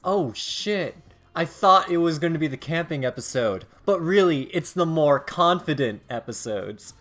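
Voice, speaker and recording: A man's voice: on the high side, animated, unhurried, a bit bright, faint music behind. A man hosting a game stream, chatting casually and laughing often over online voice chat. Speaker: stream host.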